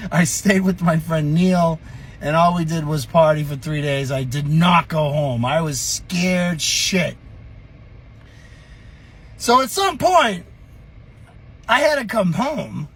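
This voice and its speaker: A middle-aged man telling a story from his youth in an animated, profane, chuckling way. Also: on the high side, slow pace, pauses often, husky. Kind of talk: casual storytelling vlog.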